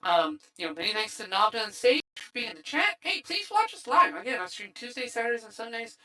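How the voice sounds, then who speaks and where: Guy streamer w/ voice changer, bright sharp tone, lots of uh um rambling. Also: very high voice, very animated, brisk, low-quality recording. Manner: rambling with many fillers and restarts. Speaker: streamer host. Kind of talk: casual stream wrap-up chat.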